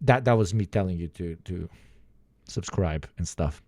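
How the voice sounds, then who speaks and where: A man's voice: deep voice, moderate pace, darkish tone, no echo. A man streaming, ranting in a profane, sarcastic way and slipping into mock voices. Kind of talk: casual livestream commentary.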